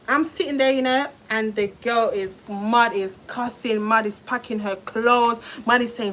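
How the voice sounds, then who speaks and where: A woman's voice: fairly high pitch, steady tone, normal speed, few pauses, fairly bright tone. A young woman telling a story to her viewers in a casual, chatty way, swearing, with lots of fillers and restarts.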